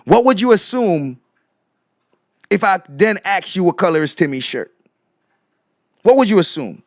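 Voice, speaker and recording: A man hosting casual live commentary, repeating rhetorical questions to his viewers and shouting out people in the chat. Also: high voice, big pitch swings, a little slow, no room sound, studio quality. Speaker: commentary streamer.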